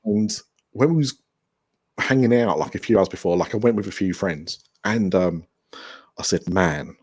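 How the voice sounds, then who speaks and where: A man's voice: on the low side, moderate pace, darkish tone, slightly rough. A man guesting on a podcast over a video call, talking enthusiastically in a rambling way with restarts. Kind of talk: casual remote interview chat.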